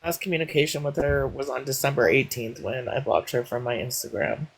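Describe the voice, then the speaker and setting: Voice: mid-range voice, fairly quick, gravelly, a little hiss or hum, rough recording. A livestream caller in casual chat, giving dates in a matter-of-fact way. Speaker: live stream participant.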